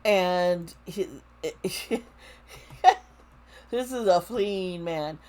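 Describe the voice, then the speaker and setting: A woman giving a casual tarot reading to camera, talking slowly, with frequent restarts and fillers. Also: lowish voice, a little mellow. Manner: slow, halting, with many restarts and fillers. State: close to tears. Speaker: tarot reader.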